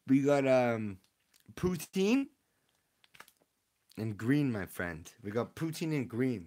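Excitable man chatting on a live stream. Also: medium pitch, slight background noise. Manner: excitable, chatty, talks to viewers. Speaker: streamer opening card packs. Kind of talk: casual live-stream chat.

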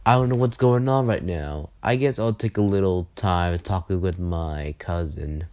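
A man voicing a policeman in an amateur cartoon, halting and full of pauses and fillers. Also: low voice, lightly acted. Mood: hesitant. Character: police man looking after guests. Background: music.

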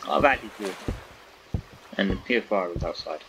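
A man talking to himself through a survival game, excitable and prone to swearing, with game music behind him. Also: sits low, fairly quick, pauses often, background noise. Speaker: gaming YouTuber. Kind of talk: let's-play commentary.

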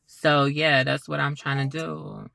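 Woman livestream guest, slow rambling talk, bright gravelly voice, dry sound. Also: low voice, flat delivery, no room sound. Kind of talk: casual livestream chat.

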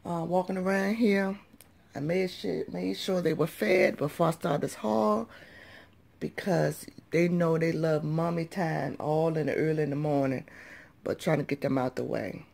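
A woman with a groggy, just-woken-up voice chats through a casual couponing haul vlog, her pitch sitting a little low. She talks straight to her viewers, calling them y'all and subbies, in an easy running patter. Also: steady tone, measured pace, creaky, a little mellow. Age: adult parent of young children. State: groggy early-morning voice. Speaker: couponing vlogger.

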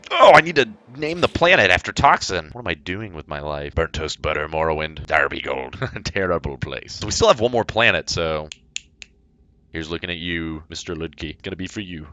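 Low-voiced crude rambling male gamer. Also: animated, moderate pace, sharp tone. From United States. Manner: rambling, crude, self-mocking, laughs often. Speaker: gaming YouTuber. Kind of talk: let's play commentary.

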